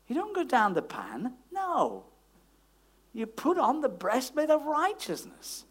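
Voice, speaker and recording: A preacher delivering a sermon with a lively, swooping voice. The delivery is chatty and emphatic, with plenty of tag questions and asides to the congregation. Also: high-pitched, takes it slowly, slightly rough.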